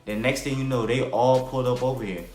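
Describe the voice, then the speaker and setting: A man's voice: mid-range voice, fairly even intonation, quick pace, a little mellow. A young man from New Jersey telling a casual storytime, rambling and slangy, with lots of "bro" and "like". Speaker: vlogger. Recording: roomy with faint music.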